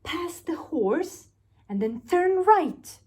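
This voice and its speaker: A woman's voice: extremely high pitch, big pitch swings, slow, voice pushed up, full character voice. A woman voicing a scheming male thief who whispers a rhyming plan to rob a farm in a storybook. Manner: hushed, sing-song rhyming plot. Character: two scheming male thieves plotting.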